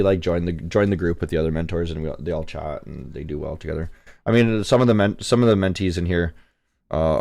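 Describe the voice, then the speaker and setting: Low-voiced profane Canadian streamer. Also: male voice. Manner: profane, excitable, reads chat aloud. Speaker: livestream trading host. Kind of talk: casual live commentary.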